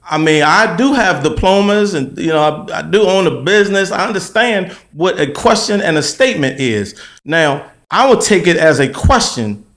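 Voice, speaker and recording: A man's voice: high-pitched, animated, normal speed, few pauses, fairly bright tone. A man appealing before a city board, insistent and argumentative, repeating himself as he testifies. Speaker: appellant at a board hearing. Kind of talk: heated testimony. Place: city council chamber. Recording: echoey council chamber.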